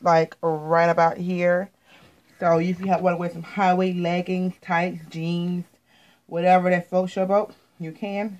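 A woman's voice: on the low side, poor audio. An American woman chatting casually to viewers as she shows off her latest clothing haul, repeating words and often saying "you guys.". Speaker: fashion vlogger.

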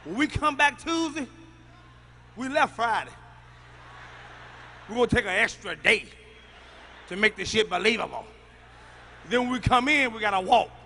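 A middle-aged man tells a stand-up routine in a high, sharp voice, loud, profane and emphatic. His voice rings through a reverberant hall, with faint noise underneath. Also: animated, normal speed, vocal fry, pauses often. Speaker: stand-up comedian.

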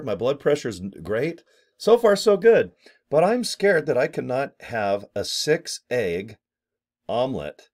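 A middle-aged man talking casually to camera, joking and exaggerating in a playful rant. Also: medium pitch. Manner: playful, exaggerated, jokey rants. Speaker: vlogger promoting products.

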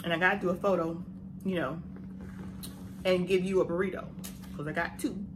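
A woman's voice: on the low side, fairly even intonation, brisk. A woman hosting her own cooking and mukbang vlog. She talks in an upbeat, chatty way and often says "oh yeah". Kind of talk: casual vlog chat. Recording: noticeable background noise.

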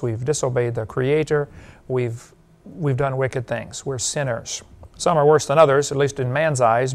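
A male evangelist preaching a sermon, an animated storyteller who laughs at his own jokes and appeals directly to the listener. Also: mid-range voice, normal speed.

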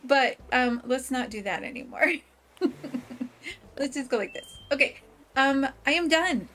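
A woman hosting a let's play, chatting to her viewers in an excitable, bubbly way. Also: sits high, unhurried, slight background noise. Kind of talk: cheerful gameplay commentary.

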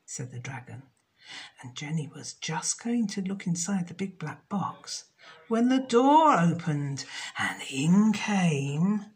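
Slow, lively children's storyteller woman. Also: on the low side. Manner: slow, expressive and lilting.

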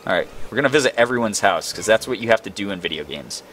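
A young man commentating a video game, excitable and quick to exclaim. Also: lowish voice, a little hiss or hum. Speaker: gaming video host. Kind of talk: let's play commentary.

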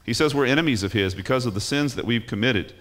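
A man's voice: mid-range voice, fast, a bit bright. Man preaching an emphatic sermon. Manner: emphatic, rising on key phrases, restarts words. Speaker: pastor. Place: church.

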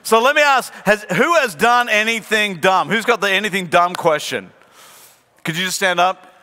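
A man preaching a sermon to a congregation, retelling a Bible story with animated storytelling and acted-out voices. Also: sits high, moderate pace. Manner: animated storytelling, acting out biblical characters. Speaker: pastor. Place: large church hall. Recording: long hall reverb.

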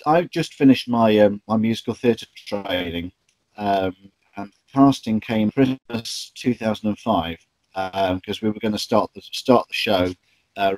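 A man's voice: on the low side, no room sound, rough recording. A man, a stage actor recalling stories in an interview, chatty with many ums and restarts. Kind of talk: interview anecdotes.

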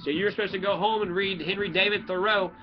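A man's voice: high voice, steady tone, fast. A man who is a student, in a profane, heated and confrontational ranting monologue. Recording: dull lo-fi audio with faint music.

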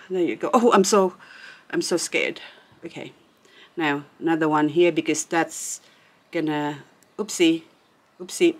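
A woman hosting a plant haul vlog, chatty and gushing, laughing often as she unwraps her plants. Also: lowish voice. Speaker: succulent channel host.

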